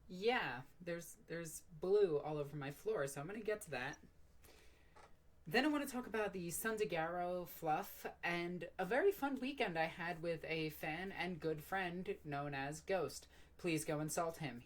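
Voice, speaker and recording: Low-voiced woman rambling on a livestream. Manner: rambling, self-mocking, swears freely. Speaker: live stream host. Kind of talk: casual live stream chat. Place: at home by her computer.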